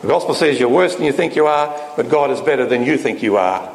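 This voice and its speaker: A man's voice: mid-range voice, lively intonation, fast talker. A man preaching a sermon with emphatic delivery and frequent rhetorical questions. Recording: echoey hall with faint noise.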